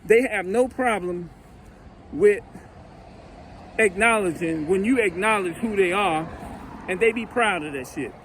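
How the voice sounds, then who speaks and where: A man's voice: high voice, a little slow, pauses often, fairly bright tone, slight background noise. A man giving a rambling, conversational monologue, acting out greetings between neighbors. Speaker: religious commentator. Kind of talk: casual monologue.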